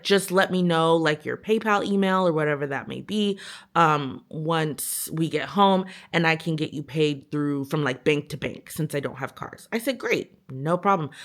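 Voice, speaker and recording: Exasperated woman telling a dating story. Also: sits low. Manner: animated, exasperated, full of fillers and quoted dialogue. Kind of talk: casual storytime to camera.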